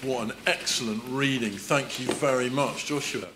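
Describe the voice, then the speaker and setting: A man's voice: medium pitch, normal speed, heavy background noise. A man preacher giving a playful all-age talk in a church service, quizzing the children and reading scripture aloud. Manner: animated, playful, quizzing the audience. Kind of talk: lively children's talk with questions.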